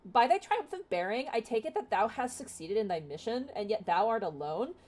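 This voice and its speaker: A woman's voice: medium pitch, lively intonation, moderate pace, darkish tone, husky, low-quality recording. Urianger, a woman putting on a valley-girl lilt. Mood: grandly formal. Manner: mock valley-girl lilt on old-fashioned speech. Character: archaic-speaking male scholar, grandly formal. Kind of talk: reading game dialogue aloud.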